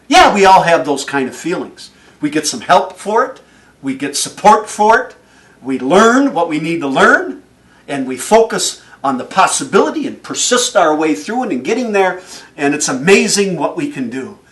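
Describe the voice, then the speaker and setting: Animated male motivational speaker. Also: a little high, normal speed, recorded from a distance. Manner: animated storytelling with chuckles. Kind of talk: motivational speech.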